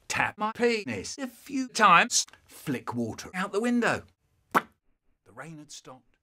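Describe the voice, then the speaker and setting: A man telling a comic nonsense story, swinging between loud outbursts and quiet mutters. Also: very animated, slow pace, slight background noise. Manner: wildly swinging pitch and loudness, sudden shouts. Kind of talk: comic monologue, remixed.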